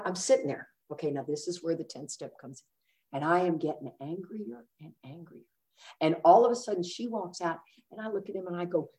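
An older woman with a drawl, her voice sitting slightly low. She tells a personal story to a room of listeners, animated and expressive. She slips into the voices of the people she quotes. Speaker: speaker sharing at a recovery meeting.

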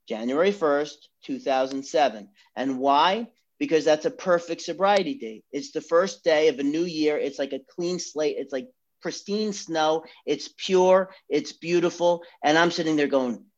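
A man speaking candidly and with self-mockery as he tells his own recovery story at a meeting. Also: on the high side. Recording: dull lo-fi recording.

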